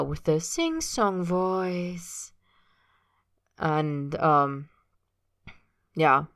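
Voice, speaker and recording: A woman's voice: sits low, fairly bright tone, clear, resonant tone, no echo, clean studio sound. A woman reading fan fiction aloud as an audiobook, giving a casual, reflective afterword about her recording. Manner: reflective, musing. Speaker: podfic reader.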